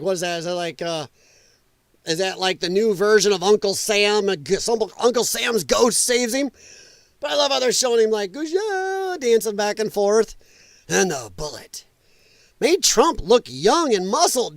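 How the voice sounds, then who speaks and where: A man's voice: high-pitched, no echo. A man hosting a casual livestream, talking loosely and bluntly and laughing at clips. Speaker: livestream host.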